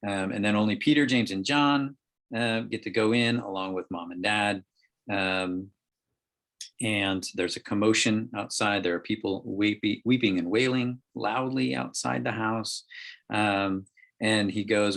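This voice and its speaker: A man leading a Bible study over a group call, explaining scripture in a halting way with many ums and restarts. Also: fairly low pitch, fairly even intonation, creaky, fairly bright tone. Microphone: call microphone.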